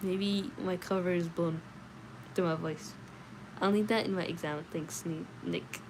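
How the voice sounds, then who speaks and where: A woman with a lowish, steady voice reads a novel aloud at night, taking her time, with some background noise behind her. Sleepy and chatty, she chats casually between passages and answers comments from her chat.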